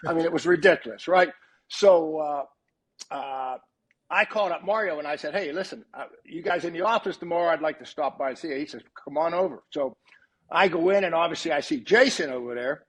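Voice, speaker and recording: Husky older man telling stories. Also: a little high, fairly quick. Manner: animated storyteller who acts out quoted dialogue. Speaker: podcast guest, retired football coach. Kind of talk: casual anecdotal storytelling.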